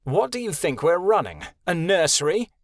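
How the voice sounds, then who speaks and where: A man's voice: high-pitched, sing-song, moderate pace, no echo, clean studio sound, pitched above the performer's own voice. A man voicing a cruel, callous man who speaks in a cold, dismissive way.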